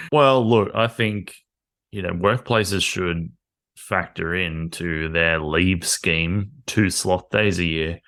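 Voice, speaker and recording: A man's voice: low voice, extremely slow, pauses often, a bit bright. Chatty, joking male podcast host. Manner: joking, chatty, laughs often. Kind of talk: casual chat.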